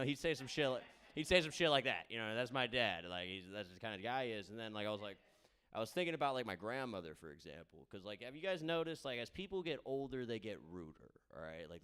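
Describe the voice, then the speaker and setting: A man's voice: mid-range voice, fairly bright tone, clean tone. A young man doing a stand-up set in a comedy club, rambling through crowd work and stories with lots of filler and a habit of asking "all right?".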